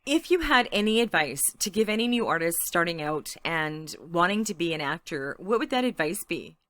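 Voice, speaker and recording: A woman's voice: fairly low pitch, big pitch swings, moderate pace, a bit bright, no room sound. A woman hosting an interview, asking questions in a friendly, giggly way. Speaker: interviewer, host. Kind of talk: casual interview chat.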